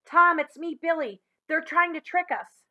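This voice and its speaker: A woman voicing a frantic, excitable young schoolboy, urgent and exclaiming in a storybook reading. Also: high-pitched, unhurried, phone-quality sound, pitched above the performer's own voice.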